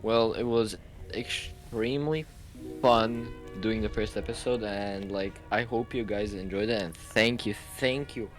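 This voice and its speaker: A man's voice: on the low side, steady tone, a little slow, music in the background. A teenage man co-hosting a casual podcast, rambling and giggling with lots of fillers on a home microphone. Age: teens. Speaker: podcast co-host. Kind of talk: casual chat.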